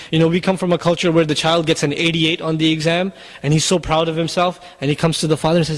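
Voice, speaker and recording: A man's voice: on the high side, steady tone, brisk, in a large hall. A man giving a sermon in an urgent, exhorting way, full of rhetorical questions. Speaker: preacher.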